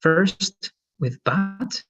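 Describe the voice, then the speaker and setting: A man's voice: high voice, drawn-out words, lo-fi sound. A male English teacher explaining grammar step by step in an online class.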